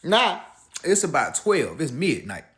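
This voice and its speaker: A man's voice: on the high side, huge pitch swings, a little slow, fairly bright tone. A man casually telling a personal story, retelling the dialogue in a conversational way.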